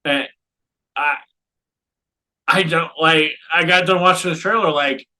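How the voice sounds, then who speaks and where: A man's voice: fairly high pitch, a little slow, sharp tone. A man co-hosting a casual movie podcast, rambling with many fillers and acted-out reactions. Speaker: podcast co-host. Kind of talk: casual chat.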